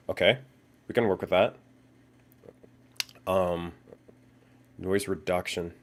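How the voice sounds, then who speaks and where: A man's voice: sits low, steady tone, slow, long pauses. A man live-streaming in casual chat, swearing and muttering to himself while he fiddles with his audio settings.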